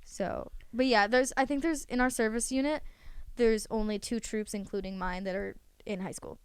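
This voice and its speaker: Guesting on a podcast, a teenage girl talks casually, running long explanations loaded with fillers and getting short of breath. Her voice is on the high side, clean, moderately paced and fairly even in intonation, with no room sound.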